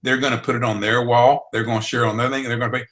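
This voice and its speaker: A man with a Southern drawl teaches a blogging boot camp over an online broadcast. His voice is bright and forceful, and he talks in a folksy, encouraging way, often circling back to repeat a point. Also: medium pitch, level tone, fast, rough recording. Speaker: blogging course instructor.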